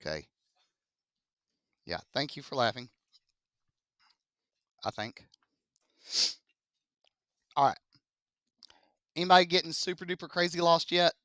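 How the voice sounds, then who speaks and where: Math teacher, young adult, bright and punchy, dry close mic, quizzes class with playful asides. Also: mid-range voice, big pitch swings, a little slow, long pauses, dry recording. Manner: chatty, joking asides, quizzing students. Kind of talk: classroom statistics lecture. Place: classroom with live students.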